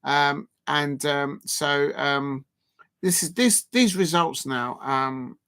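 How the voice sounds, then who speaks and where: A man's voice: a little high, slow, a bit bright, smooth. A man hosting a casual football live stream, talking in a rambling, emphatic way with frequent restarts.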